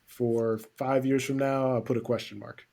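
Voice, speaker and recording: A man from the US East Coast, a podcast guest giving relaxed, brief answers and laughing often. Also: mid-range voice, moderate pace, gravelly, noisy background. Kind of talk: casual interview answers.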